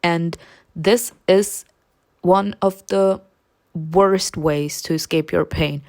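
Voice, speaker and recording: A woman reading a story game aloud and talking back to it, animated and dryly sarcastic in her asides. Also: on the low side, takes it slowly.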